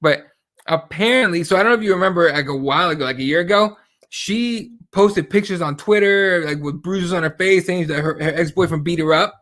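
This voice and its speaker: A man co-hosting a casual podcast, talking in a profane, animated way and acting out his online exchanges as little quoted scenes. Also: sits high, brisk. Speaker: podcast co-host.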